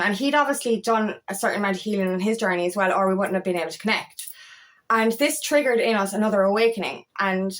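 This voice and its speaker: A woman coach talking casually to camera, emphatic and swearing freely, with exasperated outbursts. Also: medium pitch. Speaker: feminine empowerment coach.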